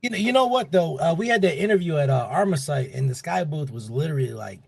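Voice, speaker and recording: Man, husky, gravelly, lively pitch, dry close mic, laid-back joking. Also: quick pace. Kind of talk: casual chat.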